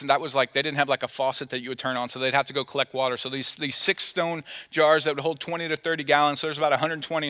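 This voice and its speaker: Male pastor, conversational sermon, fairly high voice, long reverb of a large hall. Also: pushed and bright, clear, resonant tone. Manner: conversational and playful, acting out quotes.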